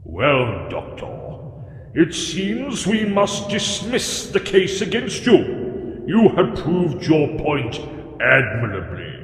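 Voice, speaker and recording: A man voicing a flustered, astonished male judge in an audio story, speaking slowly and spluttering. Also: a little high, huge pitch swings, heavily acted. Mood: impressed. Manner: spluttering, slow and drawn-out. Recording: echoey hall reverb.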